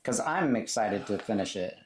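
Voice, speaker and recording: A man chats with his partner while they craft. He sounds relaxed and agreeable, and often keeps his replies short. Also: on the low side, normal speed, a little hiss or hum. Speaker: co-host, partner of the host. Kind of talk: casual chat while crafting.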